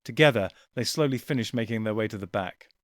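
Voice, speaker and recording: A man's voice: fairly low pitch, fast, dry recording, clean studio sound. Man reading a sci-fi story aloud. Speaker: audiobook reader. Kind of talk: scripted narration.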